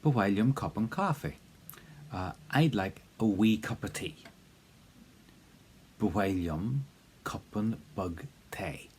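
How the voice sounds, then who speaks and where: A man's voice: lowish voice, animated, slow pace, long pauses, darkish tone, a little hiss or hum. A man teaching a spoken language lesson in a casual, encouraging way, with plenty of fillers and repeated drill prompts.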